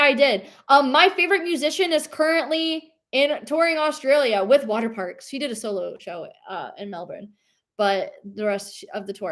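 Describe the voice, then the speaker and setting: A woman's voice: a little high, fairly bright tone. A young woman streamer chatting casually and rambling, reading chat aloud and laughing often.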